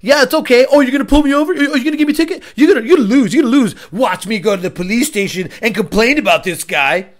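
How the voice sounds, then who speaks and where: A man's voice: very high voice, rapid-fire, few pauses. A man voicing a cocky young male speeder who taunts a police officer in a brash, profane way. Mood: taunting.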